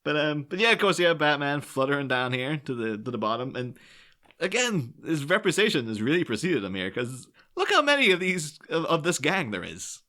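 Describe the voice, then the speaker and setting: A man's voice: a little high, big pitch swings, a little fast, sharp tone. A man co-hosting a podcast in casual film-discussion chat, rambling and laughing often. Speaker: podcast co-host.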